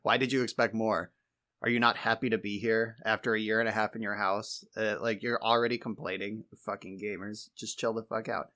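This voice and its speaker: A man's voice: lowish voice, flat delivery, fairly quick, pushed and bright. A man co-hosting a podcast, telling exasperated, wry stories in casual chat and swearing freely. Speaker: podcast co-host.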